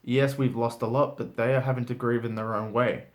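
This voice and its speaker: A man's voice: medium pitch, little pitch movement, fairly quick. Frank man talking to camera. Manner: frank, conversational, swears casually, many "like" fillers. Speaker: motivational vlogger. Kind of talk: casual talk to camera.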